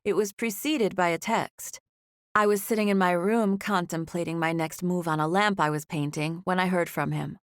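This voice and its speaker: A woman's voice: lowish voice, moderate pace, no echo. Woman narrating a first-person audiobook. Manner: even, conversational storytelling.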